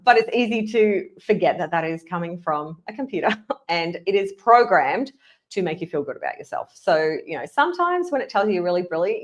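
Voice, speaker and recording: An Australian woman hosting a casual solo podcast, chatty and quick to laugh, often mimicking over-the-top replies. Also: fairly low pitch. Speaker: podcast host.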